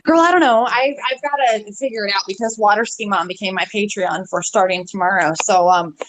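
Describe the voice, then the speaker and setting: A woman co-hosting a casual live stream over a video call, friendly and quick to laugh. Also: mid-range voice, a bit bright, low-quality recording. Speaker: co-host.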